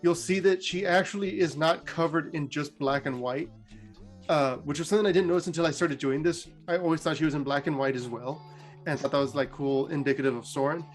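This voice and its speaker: Chatty guy telling game lore, fairly high voice, faint music behind. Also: brisk. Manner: chatty, many fillers, animated pitch jumps. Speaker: lore storyteller. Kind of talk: casual lore retelling.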